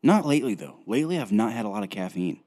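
A man's voice: on the low side, big pitch swings, quick pace, darkish tone. A young man co-hosting a podcast in laid-back casual chat, peppering his talk with "like" and "man". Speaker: podcast co-host.

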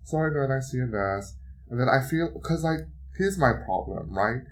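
A man hosting a podcast, telling a personal story in a casual, profane, animated way, with sudden jumps in pitch and loudness. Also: moderate pace, a little hiss or hum. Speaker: podcast host.

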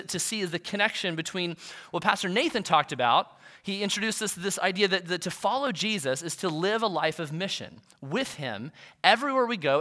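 A man's voice: sits high, bright, forceful tone. A young adult male pastor giving a sermon in a conversational, self-deprecating storytelling manner.

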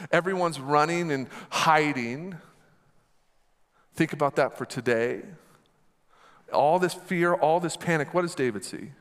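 A man's voice: fairly high pitch, a bit bright. A man delivering an emphatic sermon as pastor, repeating lines and asking the congregation to answer back. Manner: emphatic, repetitive, call-and-response.

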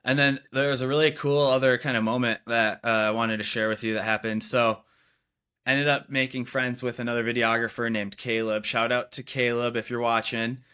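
A man's voice: medium pitch, flat delivery, a little fast, pushed and bright, clean tone. A young man casually telling a story in a podcast chat, loose and filler-heavy, with lots of "like" and "you know". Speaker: videographer, podcast co-host.

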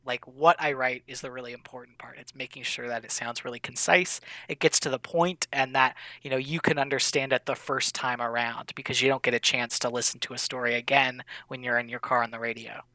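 A man's voice: mid-range voice, flat delivery, a little fast, few pauses, sharp tone, no echo, rough recording. A young man in his twenties, a public radio reporter, answering interview questions casually with many fillers.

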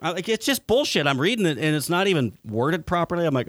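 A man hosting a podcast, telling stories in a lively way and swearing freely. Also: mid-range voice, brisk, dry recording, clean studio sound. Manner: animated storytelling, swearing freely. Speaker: podcast host. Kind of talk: casual podcast chat.

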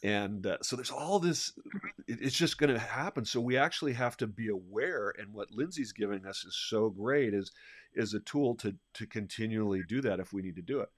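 A man co-hosting a podcast, telling stories in a high-energy, animated way and laughing often. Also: moderate pace, no echo, clean studio sound. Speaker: podcast co-host. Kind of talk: casual podcast conversation.

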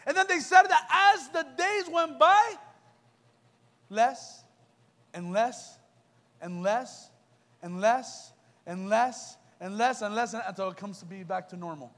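High-voiced young man preaching fervently. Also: animated, slow, pauses often, a bit bright. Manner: impassioned, rhetorical questions to the crowd. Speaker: youth preacher. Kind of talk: sermon. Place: church youth event.

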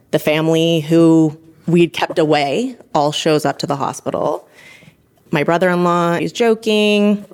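Woman in her 30s retelling a wild er story, lots of energy, kinda low voice. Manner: lively, animated retelling with laughs and acted-out quotes. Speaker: emergency room provider. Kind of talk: personal story told in interview.

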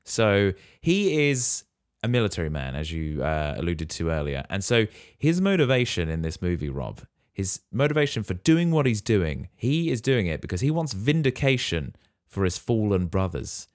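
Laid back guy with a really deep voice walking through a movie plot, asks his cohost questions. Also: normal speed, no echo, clean studio sound. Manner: relaxed storyteller, quizzes co-host. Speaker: podcast host. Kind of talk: casual movie recap.

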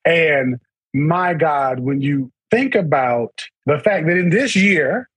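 A man's voice: on the high side, animated, slow, slightly rough, no room sound. A man co-hosting a podcast in a joking, punchy way, fond of wordplay. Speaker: podcast co-host. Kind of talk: casual podcast chat.

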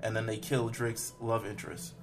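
A man's voice: on the low side, steady tone, normal speed, music in the background. A young man on a podcast rambling through a film recap with lots of fillers and profanity. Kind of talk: casual chat, recapping a film.

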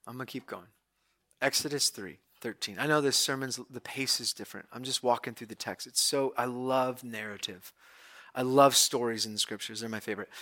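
A male pastor giving a conversational, animated sermon, retelling scripture as a story. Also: mid-range voice.

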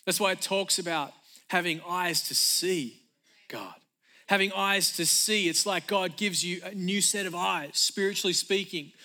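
A man preaching a sermon as pastor, emphatic and energetic, returning again and again to a repeated refrain. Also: high voice, unhurried.

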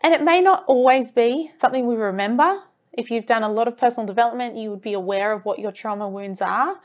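A woman's voice: fairly high pitch, fast, dull audio. A woman talking earnestly as a self-development coach, encouraging the listener and repeating phrases for emphasis. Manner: earnest, encouraging, with rhetorical repetition. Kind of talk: motivational monologue.

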